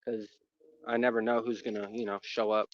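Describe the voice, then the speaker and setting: A man's voice: on the low side, little pitch movement, a little fast, no room sound. Rambling man telling a story, muffled. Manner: rambling, lots of fillers and restarts. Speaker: dog owner telling a personal story. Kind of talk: casual storytelling. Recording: muffled dry recording.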